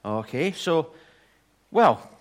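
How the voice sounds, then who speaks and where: A man preaching a sermon with a story, animated and swinging from loud to hushed. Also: a little high, extremely slow.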